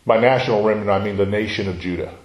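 A man's voice: on the low side, fast, echoey room, poor audio. A man preaching a sermon, teaching and asking his listeners questions, acting out quoted lines and sometimes dropping to a near whisper.

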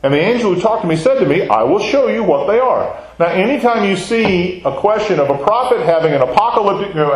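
A man leads a Bible study in a chatty, questioning way. His voice sits a little high and swings widely in pitch. The room around him is echoey. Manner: conversational, asks the class questions. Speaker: Bible class teacher.

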